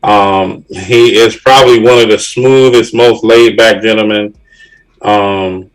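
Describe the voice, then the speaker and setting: A man's voice: fairly low pitch, takes it slowly, poor audio. A man from upstate New York hosting a casual podcast over a video call, loose and easygoing, with plenty of ums and laughs. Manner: relaxed, with frequent fillers and laughs. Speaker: podcast host.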